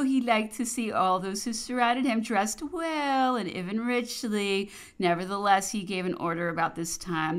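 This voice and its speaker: A woman narrating a historical memoir as an audiobook, reading with expressive, varied emphasis. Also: a little high. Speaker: audiobook reader.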